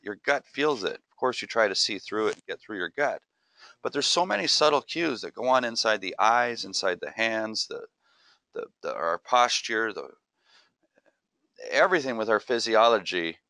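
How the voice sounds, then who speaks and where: Middle-aged guy hosting a marketing show, chatty and blunt, lowish bright voice, dry sound. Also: dry recording. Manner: conversational, emphatic, plain-spoken. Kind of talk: casual commentary.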